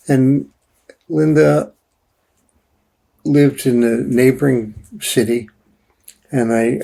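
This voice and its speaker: An older man telling his personal story as an interview guest, halting with many restarts and fillers. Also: mid-range voice, creaky, mellow, breathy edge.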